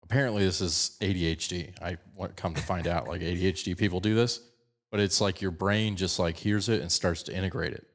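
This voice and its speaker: A man from Colorado with a slight picked-up Southern twang, hosting a podcast in fast, animated casual chat. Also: deep voice. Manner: fast-talking, animated storyteller. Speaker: podcast host.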